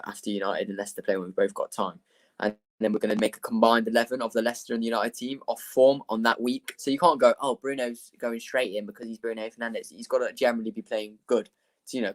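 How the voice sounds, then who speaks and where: A young man hosts a casual football watchalong stream. He talks in an easygoing, rambling way, thanking viewers and calling the play as it happens. His voice sits in an ordinary middle pitch. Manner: chatty, rambling, laughs often. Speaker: livestream host.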